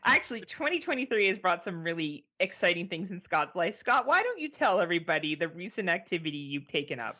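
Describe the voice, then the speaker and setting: Low-voiced woman in her forties. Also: very animated, fast talker, hardly any pauses, sharp tone. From Canada. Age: 40s. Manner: rambling, swears casually, laughs often. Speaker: podcast co-host. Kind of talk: casual chat.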